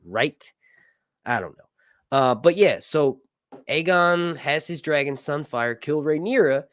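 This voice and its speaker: A man hosting a live show, chatting casually through a reaction and analysis, rambling and excitable, swearing freely and laughing often. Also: mid-range voice, dry recording, clean studio sound. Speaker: livestream show host.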